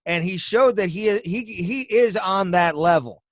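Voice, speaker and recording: A man's voice: high voice, measured pace, dry recording. A man co-hosting a podcast, chatting casually with playful jokes and hype. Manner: joking, playful hype with goofy asides. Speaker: podcast co-host. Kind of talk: casual chat.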